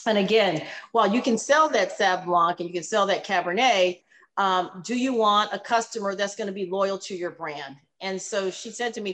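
This is a middle-aged woman, a guest chatting on a talk show. She tells her stories at an even, middle pitch and acts out the people she quotes. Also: moderate pace. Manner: storytelling, acts out quoted dialogue. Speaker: guest, wine business co-founder. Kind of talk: casual interview chat.

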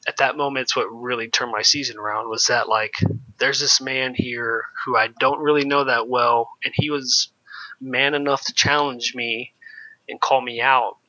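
A former pro baseball pitcher telling loose, candid stories in an interview, full of "like" and "you know". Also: male voice, steady tone, normal speed, sharp tone, dull audio. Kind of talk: casual storytelling in an interview.

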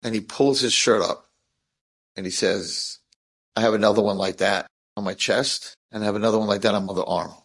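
A middle-aged man, a rabbi, telling an inspirational story in a lively, animated way and acting out the dialogue. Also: brisk, gravelly, slightly rough. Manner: animated, acts out dialogue with big pitch swings.

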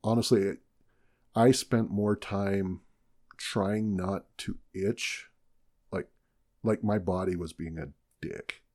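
A man's voice: deep voice, fairly even intonation, takes it slowly, pauses often, a little mellow. A man with a Southern US accent telling a long story in casual podcast chat, rambling and self-mocking. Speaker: podcast co-host.

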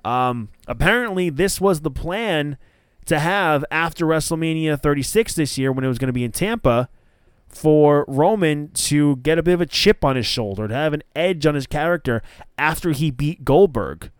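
A man's voice: on the high side, normal speed, clear, resonant tone, no echo, studio quality. A man hosting a casual wrestling podcast, giving opinionated takes and often correcting himself mid-sentence. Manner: opinionated, rambling with frequent self-corrections. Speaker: podcast host.

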